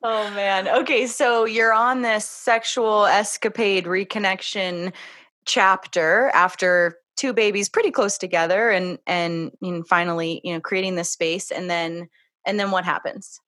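A woman's voice: medium pitch, fairly even intonation, measured pace, fairly bright tone, no echo, studio quality. A woman hosting a podcast interview, encouraging her guest with prompting questions. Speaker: podcast host.

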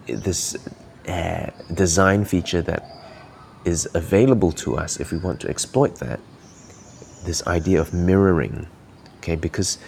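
A man's voice: sits low, gravelly, darkish tone, slight background noise. A man from Malaysia hosting a podcast, giving earnest, encouraging coaching talk while thinking aloud. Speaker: podcast host.

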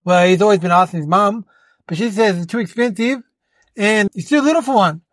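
An adult voices a cheeky, boastful young boy hosting his own podcast, rambling, fibbing and repeatedly calling people "mate" as a comedic character monologue. The lightly acted voice is medium-pitched and a little fast, recorded dry.

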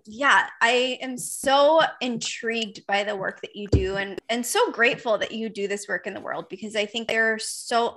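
Effusive woman hosting a podcast. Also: fairly high pitch. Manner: warm, effusive, asks long questions. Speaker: podcast host. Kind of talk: interview conversation.

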